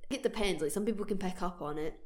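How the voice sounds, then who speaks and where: A woman's voice: medium pitch, fast. A young woman from Scotland with a Glaswegian accent, chatting frankly as a podcast co-host and swearing freely. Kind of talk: casual chat.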